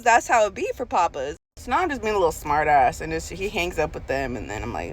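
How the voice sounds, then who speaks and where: Recorded in her car, this thirty-something realtor who also drives rideshare swears and laughs her way through her stories in a chatty vlog style. Her voice sits at a medium pitch with big swings, moving fairly quickly with few pauses, over a little hiss or hum.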